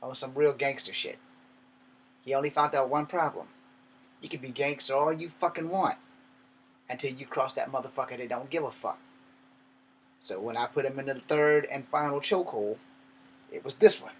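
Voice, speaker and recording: A man's voice: medium pitch, moderate pace, pauses often, slight background noise, poor audio. A man telling a personal story in a blunt, profane, swaggering way. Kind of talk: casual spoken storytelling.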